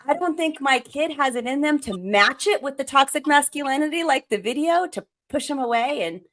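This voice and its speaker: A woman's voice: high voice, expressive, fairly quick, fairly bright tone. A woman hosting a parenting podcast who talks openly and earnestly as she asks her guest questions. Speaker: podcast host. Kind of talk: conversational interview.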